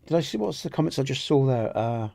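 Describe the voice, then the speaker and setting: Fast-talking and lively, this man has a mid-range, dark voice with vocal fry and a southwest English Dorset accent. He chats with live viewers during a game stream, rambling earnestly and frequently restarting or repeating words.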